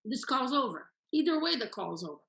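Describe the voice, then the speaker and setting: A woman coaching real estate agents in an energetic lesson, acting out phone calls in quick voices. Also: high voice, creaky, roomy sound, rough recording.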